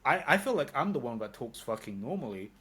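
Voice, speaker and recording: A man's voice: medium pitch, very animated, quick pace, bright, forceful tone, breathy edge. Rambling British man, swears casually. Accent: British English. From London, UK. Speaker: interview guest. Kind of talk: casual interview.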